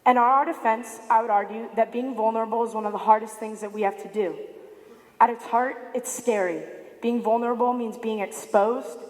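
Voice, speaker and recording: Her pitch fairly high and her delivery brisk, a young student speaker gives a rehearsed talk at a student symposium in a big-room acoustic. She narrates a story, performing the quoted lines with lively energy.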